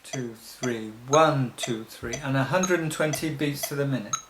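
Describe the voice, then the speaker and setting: A man teaching songwriting rhythm, explaining slowly and patiently, step by step. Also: medium pitch, noisy background. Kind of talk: recorded teaching demonstration. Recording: echoey room.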